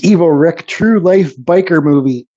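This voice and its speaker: Middle aged canadian guy rambling to his live chat, swears a lot, kinda high mellow voice, muffled lo-fi sound. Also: lively intonation, unhurried. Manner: rambling, blunt, swears freely, answers chat by name. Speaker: woodcarving channel host. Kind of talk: casual chat to live viewers while carving.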